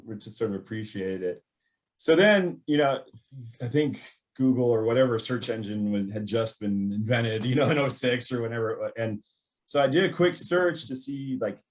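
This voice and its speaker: A man's voice: mid-range voice, moderate pace. A middle-aged man, a former intelligence analyst, telling a story in conversation, laughing often and acting out the voices of others. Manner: animated, laughs often, acts out quoted voices.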